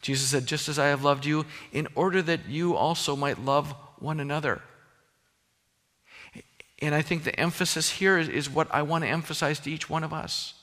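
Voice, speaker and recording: Bright-voiced man preaching in a hall. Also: fairly high pitch, steady tone, moderate pace. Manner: earnest preaching, rising emphasis with frequent restarts. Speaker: pastor. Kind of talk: sermon.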